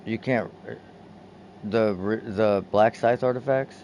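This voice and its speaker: A young man streaming a video game, chatting casually and excitably, swearing often and restarting his sentences. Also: fairly low pitch, slow pace, muffled recording, a little hiss or hum. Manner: profane, excitable, many restarts.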